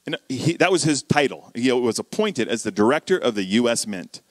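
A man preaching a sermon, telling a story and acting out the dialogue with lively shifts of voice. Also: mid-range voice, brisk, dry recording. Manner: animated, acts out quoted dialogue.

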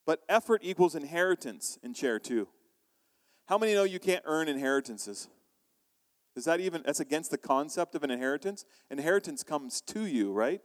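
A man preaching a sermon as pastor, animated, acting out quoted voices and asking the congregation questions. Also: on the high side, moderate pace, long reverb tail.

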